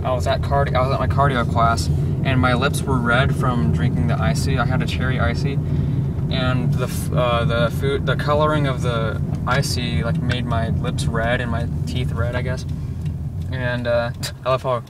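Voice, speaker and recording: A man's voice: medium pitch, level tone, moderate pace. Rambling teenage guy in a car. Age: teens. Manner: rambling, many restarts and fillers. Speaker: vlogger. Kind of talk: casual daily vlog. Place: inside a car. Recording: distant mic with loud car noise.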